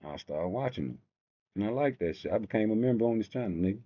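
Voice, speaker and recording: A man's voice: on the low side, animated, quick pace, husky. A man hosting a live stream, rambling through profane stories in a casual rant. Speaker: live show host. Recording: dull lo-fi stream audio.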